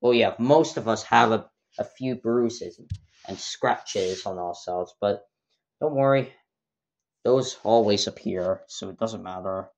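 A man's voice: on the low side, takes it slowly, gravelly. A man voicing a cheerful adult male plumber hero who speaks in an upbeat, reassuring way. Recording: dull lo-fi recording.

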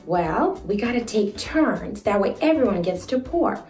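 A young woman hosting a toddler learning video, who speaks slowly and gives lots of encouraging praise. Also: mid-range voice, expressive, far from the mic. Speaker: children's video host. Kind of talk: slow, sing-song teaching for toddlers. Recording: echoey room, soft music behind.

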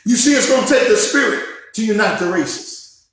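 A bishop preaching a sermon, rising to shouts in a preaching cadence. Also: male voice, high-pitched, animated, normal speed. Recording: very echoey room.

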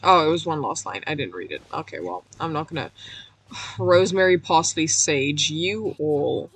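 A woman streaming a game, her voice going hoarse, rambling in a self-mocking way, cracking puns and laughing at herself. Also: sits low, animated, normal speed. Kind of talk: casual let's-play commentary.

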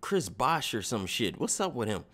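A young man streaming live and reacting to a dating show, loud and teasing, full of slang. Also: mid-range voice, big pitch swings, normal speed.

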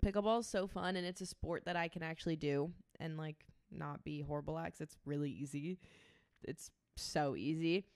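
A young woman with a lowish voice chats casually on a podcast, leaning on "like" as she talks. The sound is close and dry, with no room echo. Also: normal speed, clear, resonant tone. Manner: relaxed, filler-heavy speech with many "like"s. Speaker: podcast co-host. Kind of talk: casual chat.

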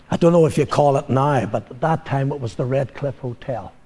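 An older man preaching a sermon as a pastor, telling a story, moving between loud declarations and low, confiding passages. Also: slightly rough. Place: church. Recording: long reverb of a church hall.

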